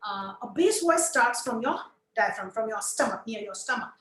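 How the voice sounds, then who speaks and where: A woman's voice: fairly high pitch, expressive, normal speed, fairly bright tone. Encouraging Indian woman teaching puppetry. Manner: encouraging, mixes English with Hindi. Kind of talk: online workshop teaching. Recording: echoey room.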